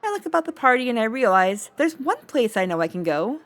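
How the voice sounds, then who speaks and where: A woman streamer reading a visual novel aloud in first person, with expressive, playful narration. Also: fairly high pitch, brisk.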